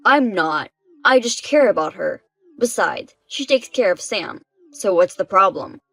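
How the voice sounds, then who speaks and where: A woman's voice: medium pitch, expressive, a little slow, gravelly, a bit bright, no echo, exaggerated voice, low-quality recording. A woman voicing a selfish husband who brushes off complaints and justifies himself. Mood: dismissive. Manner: dismissive, self-justifying. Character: defensive, selfish husband, man.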